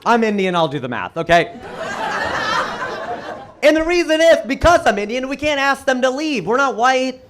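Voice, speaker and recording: A man doing a stand-up comedy set for a live audience, firing off quick punchlines with sudden leaps in pitch. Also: big pitch swings, very noisy. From United States. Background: audience laughter.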